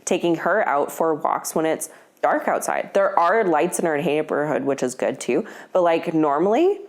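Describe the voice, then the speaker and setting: A woman's voice: sits low, lively intonation, normal speed. A woman co-hosting a casual podcast from home, telling stories in a chatty way and laughing often. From Alberta, Canada. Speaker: podcast co-host. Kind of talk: casual chat. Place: at home, indoors.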